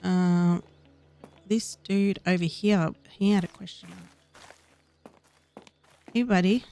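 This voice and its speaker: A woman's voice: fairly low pitch, steady tone, takes it slowly, vocal fry, mellow, smooth. A woman casually talking through a game as she plays, reading the game's dialogue aloud in her own voice. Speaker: gaming host. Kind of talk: casual gameplay commentary.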